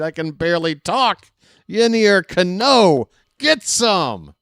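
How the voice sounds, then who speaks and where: A man doing fan play-by-play commentary of a baseball game, excitable and prone to rambling asides between pitches. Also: takes it slowly, clear, resonant tone, dry recording, clean studio sound. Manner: excitable, shouts on big plays, rambling asides.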